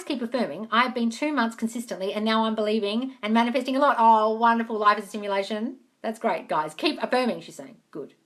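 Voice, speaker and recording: A woman hosting a casual live question-and-answer stream from Australia, reading out viewer comments, chatting and swearing casually and calling listeners darling. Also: mid-range voice.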